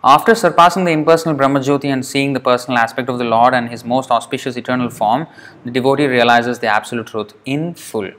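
A man's voice: medium pitch, fast, a bit bright. A man giving a scripture class lecture, reading a passage aloud and then explaining it, often checking in with rhetorical questions. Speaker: scripture teacher.

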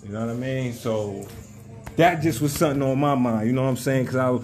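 Laid-back man with a mellow voice. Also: medium pitch, a little fast, faint music behind. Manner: loose, profane street talk with many fillers. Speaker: podcast host. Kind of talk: casual podcast chat.

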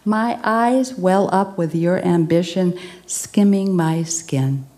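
Woman poet at a reading: lower-pitched, warm, slow and deliberate delivery. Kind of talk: poetry reading.

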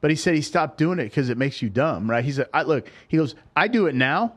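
A man's voice: a little high, lively intonation, brisk, fairly bright tone. A man hosting a casual podcast chat, telling stories animatedly with frequent stumbling restarts.

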